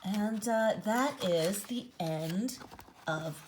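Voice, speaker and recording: A woman's voice: fairly low pitch, lively intonation, measured pace, background noise. A woman reading a picture book aloud and chatting about the pages, explaining words as she goes. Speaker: storybook reader.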